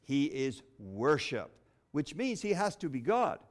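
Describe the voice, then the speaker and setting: A middle-aged man preaches with a high voice that leaps up and down in pitch. He speaks expressively, with dramatic pauses and flashes of humor. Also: very animated. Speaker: pastor. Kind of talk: sermon.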